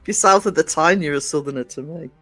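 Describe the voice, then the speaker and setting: A middle-aged man from northern England hosts a livestream in a loose, rambling way. He laughs often as he reads the chat, and his voice sits a touch high. Soft music plays faintly behind him. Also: fast talker, rough recording. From England, born in Nottingham, raised in Northumberland. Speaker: livestream host. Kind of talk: casual chat reading a live chat.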